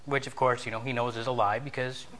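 A man's voice: mid-range voice, level tone, fast, fairly bright tone, a little hiss or hum. A man giving a conversational sermon lesson, telling a story, acting out bits of dialogue and asking his listeners questions.

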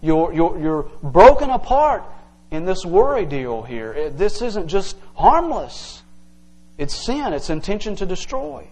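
A man's voice: high voice, very animated, a little slow, a little mellow, husky, rough recording. A male pastor preaching an earnest, emphatic evening sermon to his congregation, teaching verse by verse.

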